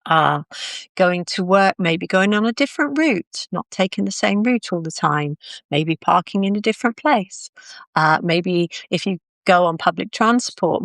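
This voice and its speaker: A woman giving a calm, practical talk on a live video, explaining things step by step. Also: lowish voice, gravelly, dry recording. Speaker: confidence speaker.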